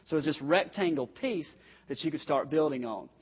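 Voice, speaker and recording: A man's voice: a little high, expressive, normal speed, breathy edge. A man preaching a sermon to his congregation, earnest and direct, speaking straight to his listeners. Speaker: pastor. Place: church sanctuary. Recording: dull, echoey recording in a long-reverb hall.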